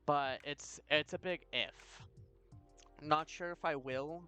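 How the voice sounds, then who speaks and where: A man's voice: mid-range voice, measured pace, bright, forceful tone, clean tone, soft background music. A man streaming a video game, chatting casually and hesitantly with many "uh"s and "like"s. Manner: hesitant, full of fillers like "uh" and "like". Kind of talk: casual let's-play commentary.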